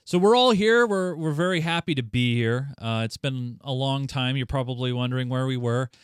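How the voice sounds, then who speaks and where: A man's voice: mid-range voice, moderate pace, clean tone, dry recording, clean studio sound. A man hosting a casual podcast, upbeat and joking with his guests. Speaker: podcast host.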